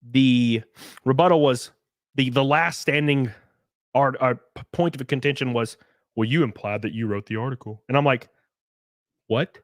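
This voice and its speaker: A man's voice: mid-range voice, moderate pace, pauses often, no room sound, clean studio sound. A man hosting a casual livestream, reading viewer messages and ranting, swearing and mocking critics. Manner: animated, swears, mocks critics in put-on voices. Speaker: livestream host. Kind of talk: casual livestream chat reading super chats.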